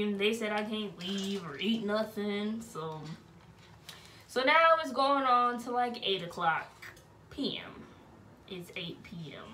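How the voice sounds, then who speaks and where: A woman's voice: medium pitch, far from the mic, a little hiss or hum. A young woman, telling a story casually as a vlogger and acting out the voices of the people in it. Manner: animated, acts out voices of relatives and nurses.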